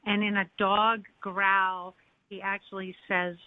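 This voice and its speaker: Slow woman caller on a tinny phone. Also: medium pitch, level tone, no room sound. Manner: slow, halting storytelling. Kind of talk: telling a dream on air.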